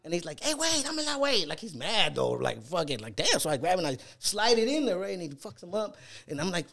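A man's voice: on the high side, animated, brisk, vocal fry, fairly bright tone. A middle-aged man telling stories as a guest, swearing often and acting out the voices of people he quotes. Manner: profane, acts out quoted voices. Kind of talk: casual storytelling.

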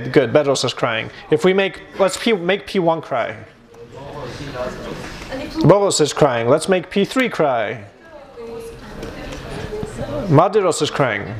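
In a university lecture hall with students present, a man with a medium-pitched, gravelly voice gives a live computer science lecture. He's lively, jokes with his students, and switches between English and Armenian.

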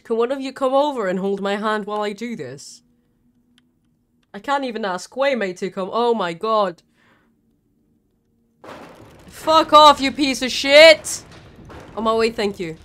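A young woman streaming a game live. She swears a lot and swings between panicked shrieks and low mumbles. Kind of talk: live gameplay commentary.

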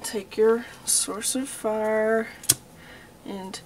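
A young woman with a Texan accent talks you through a craft project in a relaxed, homey way, saying y'all and okay as she goes. Her voice sits a bit high with a gravelly fry. There is a faint hiss behind her. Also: measured pace, pauses often. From Texas. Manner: homey, chatty, says y'all and okay a lot. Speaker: craft tutorial host. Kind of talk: casual crafting tutorial.

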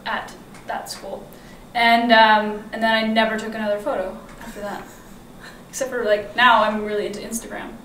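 A woman's voice: on the high side, little pitch movement, normal speed, a bit bright, a little hiss or hum. A woman guest chatting casually in an interview, laughing often and filling her talk with "like". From grew up mostly in the United States. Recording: echoey room, mic from far off.

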